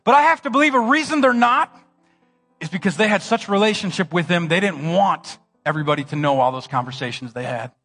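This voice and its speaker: A man's voice: high-pitched, lively intonation, brisk, a bit bright, soft background music. A male pastor preaching a sermon, acting out the scene with playful slang. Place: church hall.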